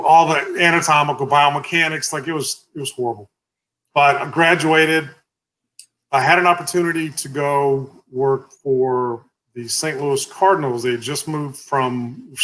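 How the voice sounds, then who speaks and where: A man's voice: medium pitch, poor audio. A man, a company founder telling stories in a casual interview, salty and full of "like" and "you know". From Texas. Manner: animated storyteller, salty, lots of 'like' and 'you know'.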